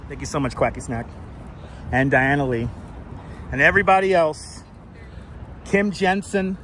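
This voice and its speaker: This is casual live-stream chat from a man who hosts streams and guides tours outdoors, wearing a wireless clip-on mic. He's animated yet unhurried, with a high, fairly bright voice, and his loose, chatty manner includes swearing and frequent laughter over slight background noise.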